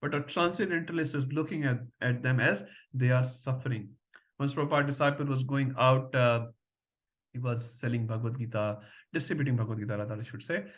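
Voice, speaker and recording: A man's voice: mid-range voice, brisk. A middle-aged man teaching a devotional scripture class, telling stories and often checking in with a questioning "huh?".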